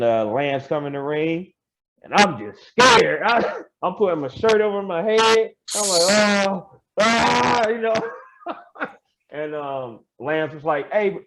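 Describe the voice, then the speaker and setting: Animated wrestler telling a story. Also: male voice, a little high, background noise. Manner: animated, laughing, drops into quoted asides. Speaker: podcast guest, pro wrestler. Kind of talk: casual storytelling interview.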